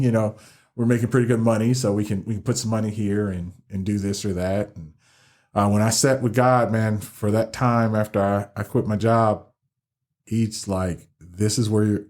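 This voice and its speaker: A middle-aged man telling his story as a podcast guest, animated and laughing often, with many restarts. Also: lowish voice. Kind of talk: casual storytelling interview.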